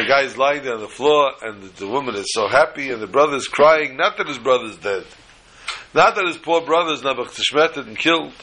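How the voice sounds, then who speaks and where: A man's voice: medium pitch, bright, forceful tone, slight background noise, low-quality recording. An older man teaching a Torah class, mixing teaching with jokes and storytelling asides.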